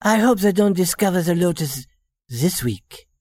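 In a scripted story reading, a woman with a fairly low, slightly mellow voice plays a young shop girl pretending to be a rich lady. Speaking animatedly at a moderate pace, she starts out polite and genteel, then turns plainly candid.

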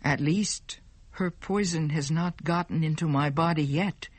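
A woman voicing a bitter, poisoned young man in a slow storybook reading. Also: low-pitched, dry recording. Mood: uneasy. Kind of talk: storybook narration.

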